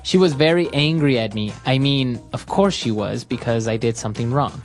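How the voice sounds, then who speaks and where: A woman's voice: a bass voice, normal speed, faint music behind. A woman hosting an English lesson podcast, explaining phrases steadily with frequent agreeing fillers. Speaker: English teacher and podcast host.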